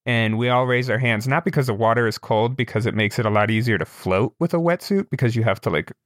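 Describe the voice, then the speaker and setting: Animated young man telling a story. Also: mid-range voice, fast, dry recording, studio quality. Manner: animated, quotes people in raised voices, laughs often. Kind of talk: casual storytelling chat. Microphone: remote call with broken camera.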